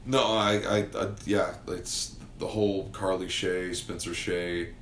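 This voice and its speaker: A man in his thirties co-hosting a casual podcast, excitable and swearing, with many fillers. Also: sits low, unhurried, a little hiss or hum. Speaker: podcast co-host. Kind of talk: casual chat. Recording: echoey room, faint ambience.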